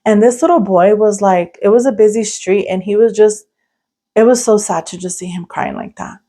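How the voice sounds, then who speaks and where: In casual podcast chat, a young female co-host rambles through a story, leaning on "like" and frequent restarts. Her mid-range voice is warm and moves at a normal speed.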